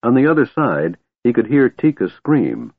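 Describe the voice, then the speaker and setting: Man, fantasy audiobook narration, measured, dry close sound, tinny narrow audio. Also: mid-range voice, husky, no room sound. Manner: steady, measured storytelling.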